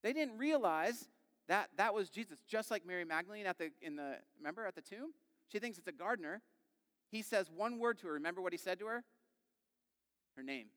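Pastor guy in his 30s preaching casual-like, kinda high smooth voice, big echoey church hall. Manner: conversational, animated storytelling with quick quoted voices. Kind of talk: sermon. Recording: long reverb of a large hall.

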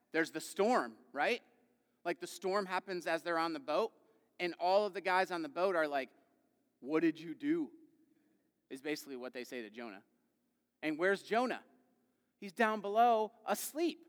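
A man preaching a sermon in a conversational way, asking the congregation questions and acting out quoted voices with big swings in loudness. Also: fairly high pitch. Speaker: pastor. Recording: long hall reverb.

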